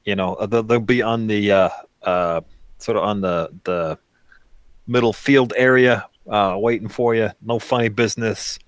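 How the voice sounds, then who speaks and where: A man's voice: on the low side, steady tone, normal speed, no room sound, lightly acted. Man voicing a jittery hostage on the phone. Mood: nervous. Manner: stammering, filler-heavy, anxious. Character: nervous captive young man on the phone.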